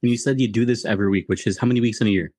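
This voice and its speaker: A man's voice: lowish voice, fairly even intonation, racing, dark tone, breathy edge. A middle-aged man co-hosting a casual chat, teasing his friend and laughing often. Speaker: podcast co-host.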